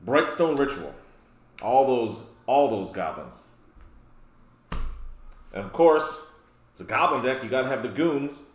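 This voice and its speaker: A man's voice: medium pitch, animated, measured pace, pauses often. Man, middling voice, jokey rambling card game host in an echoey room. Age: adult, past his youth. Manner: joking, rambling asides. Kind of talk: casual deck walkthrough. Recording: roomy echo.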